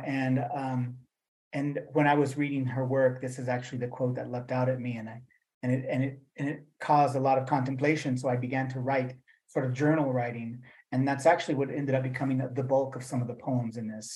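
A man reading his own poems and then talking about them, in a measured voice for the verse and a loose, rambling one with fillers for the talk, over a video call. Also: medium pitch, darkish tone, low-quality recording. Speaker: poet reading his work. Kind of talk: poetry reading and talk at a virtual event.

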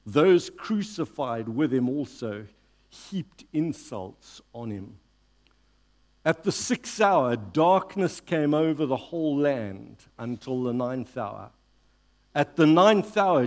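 A male pastor reads scripture and preaches at an unhurried pace. His delivery is deliberate and dramatic, with measured pauses, and his voice sits at an ordinary middle pitch. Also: expressive, darkish tone. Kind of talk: sermon with scripture reading.

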